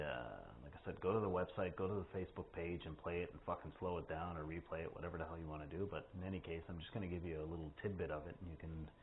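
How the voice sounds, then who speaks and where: A man's voice: low-pitched, slightly rough. A man hosting a show in a rambling, foul-mouthed monologue. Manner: rambling, heavy swearing. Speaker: host. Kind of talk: casual podcast monologue. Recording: tinny phone-like line with faint hiss.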